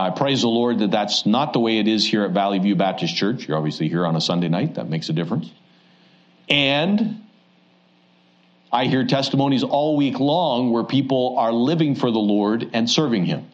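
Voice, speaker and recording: A man's voice: lowish voice, highs cut off. A man, a pastor preaching a conversational Sunday evening sermon in a church, joking as he teaches. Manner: conversational and joking, with rising asides.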